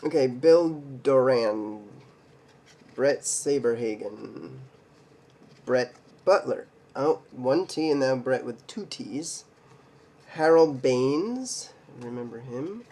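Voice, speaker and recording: A man hosting a card collecting video, slowly reading names off cards, stumbling over some and making little jokes to himself. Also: medium pitch, expressive, mellow. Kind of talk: casual mail day card showcase.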